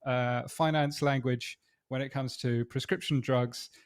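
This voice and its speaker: A man's voice: mid-range voice, steady tone, a little slow, clean tone, no room sound, studio quality. A British man in his fifties, chatting as an interview guest in a thoughtful, hesitant way with lots of fillers. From Britain. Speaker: podcast industry guest. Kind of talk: casual interview chat.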